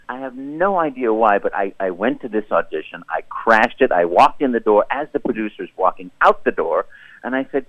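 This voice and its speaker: A middle-aged man, a voice actor, chatting in a radio interview. His low voice swings up and down with lively enthusiasm. He sounds dry and thin, like a phone call. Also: fairly quick, no room sound. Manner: animated, enthusiastic storyteller who slips into voices. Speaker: voice actor, guest. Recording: dry, tinny phone line.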